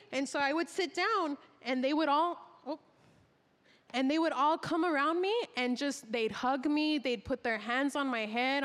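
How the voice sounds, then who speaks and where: A woman, a teacher, telling a personal testimony in a casual, animated storytelling way, acting out the dialogue she quotes. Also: sits high, long reverb tail.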